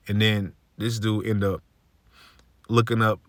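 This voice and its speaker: A man's voice: on the low side, level tone, a little slow, pauses often, a bit bright, no room sound. A man giving a casual spoken religious testimony, laid-back and peppering his talk with "man" and "okay". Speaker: religious video maker.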